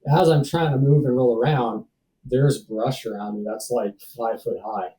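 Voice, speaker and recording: A man's voice: mid-range voice, moderate pace, warm tone, distant mic, low-quality recording. A man in his thirties telling a personal story as a podcast guest, casual and slangy, calling people dude and bro. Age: 30s. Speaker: podcast guest, safety professional.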